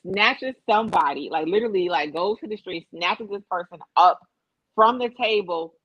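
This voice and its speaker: A woman's voice: mid-range voice, moderate pace, a bit bright, husky, dry recording, dull audio. A woman co-hosting a casual podcast, telling a gossip story with lots of profanity, quoted voices and laughter. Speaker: podcast co-host.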